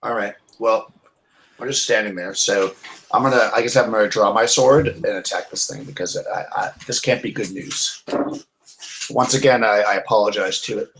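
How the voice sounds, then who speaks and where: Low voiced guy playing a tabletop game, faint hiss behind, thinks out loud. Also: normal speed. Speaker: player. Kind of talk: casual tabletop game play.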